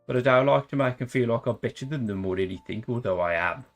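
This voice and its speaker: A man's voice: medium pitch, fast, soft background music. A man in his thirties from England chatting with viewers on a game live stream, with dry, self-mocking banter. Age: 30s. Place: room.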